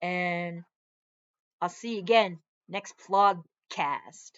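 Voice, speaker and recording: A woman's voice: on the low side, steady tone, drawn-out words, smooth, dull audio. A woman Air Force veteran talking earnestly in a casual vlog, her arm in a sling, chatting on and breaking off to scold her dog. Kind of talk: casual heartfelt vlog talk.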